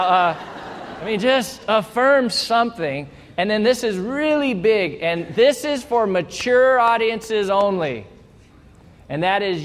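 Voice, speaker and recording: A man preaching a sermon as a pastor, lively and playful, acting out little exchanges to make his points. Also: high voice. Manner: animated, playful, acts out little quoted exchanges. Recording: hall reverb.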